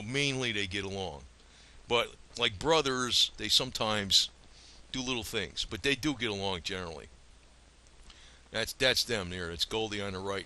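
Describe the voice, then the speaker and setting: A man's voice: on the low side, bright, forceful tone. A man ranting angrily in a home vlog, profane and rambling, swinging between outbursts and muttered asides. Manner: profane, heated, rambling rant. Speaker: vlogger.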